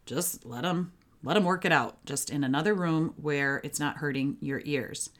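Woman, podcast host, slightly low voice, matter-of-fact coaching delivery. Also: normal speed. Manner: matter-of-fact, warm coaching with acted example phrases. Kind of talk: conversational podcast teaching.

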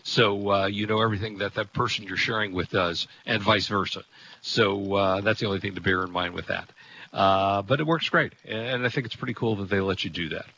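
A man's voice: fairly low pitch, fairly quick, bright, forceful tone. A man hosting a tech talk show in casual chat, easygoing and hesitant, often starting over. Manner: easygoing, hesitant with fillers and restarts. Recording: dull lo-fi sound with faint noise.

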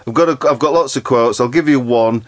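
A man's voice: mid-range voice, fairly quick. A man hosting a casual chat show, curious and reading out quotes about a word. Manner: curious, reads quotes aloud. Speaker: podcast host.

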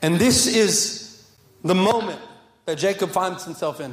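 A young pastor with a high voice delivers a sermon to his congregation at a measured pace in a reverberant church room. He fervently repeats key phrases, then eases into soft, intimate passages, and a long, roomy echo trails his words.

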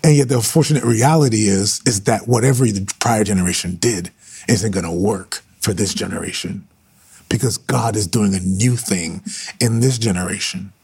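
A man's voice: fairly low pitch, normal speed, vocal fry, a little mellow, breathy edge. A man preaching with fervor on a livestream, driving his points home by repeating phrases. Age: adult with sons. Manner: fervent, repeating phrases for emphasis.

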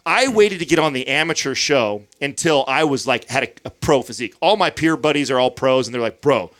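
A podcast host in his thirties, medium-pitched and fairly bright, talks briskly through a long, casual story. He swears a lot and performs other people's quotes as he tells it.

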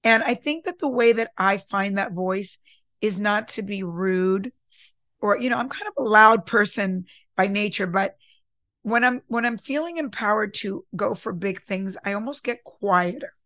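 A woman's voice: mid-range voice, moderate pace, a bit bright, dry recording. A woman hosting a podcast, talking in an earnest, reflective way about confidence and sometimes acting out her inner voice. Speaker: podcast host. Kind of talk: casual motivational talk.

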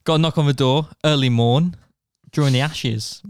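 A man's voice: mid-range voice, normal speed, darkish tone, clean tone. A man co-hosting a casual podcast, telling rambling anecdotes and slipping into voices. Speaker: podcast co-host. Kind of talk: casual chat, storytelling.

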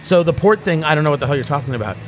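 Racing along in an animated, slightly high voice, this middle-aged man hosts a laid-back tasting podcast. His talk wanders, he breaks off and starts his sentences over, and he keeps it jokey.

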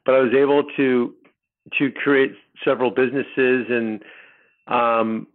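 A middle-aged man telling his personal story as a podcast guest, rambling and halting with many restarts. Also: medium pitch, steady tone. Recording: tinny phone line.

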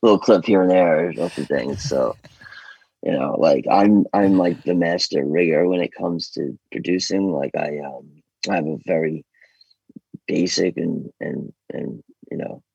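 A man's voice: low-pitched, a little slow, creaky, mellow, slightly rough, no room sound, lo-fi sound. A man from New York with an American accent, chatting loosely as a guest vocalist, rambling and swearing freely. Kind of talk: casual interview chat.

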